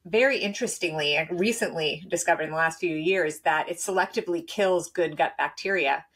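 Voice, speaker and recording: Lower-pitched woman guest, lively and talkative, for an interview. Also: breathy edge. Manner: animated, quick, with laughs and restarts. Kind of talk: conversational interview storytelling.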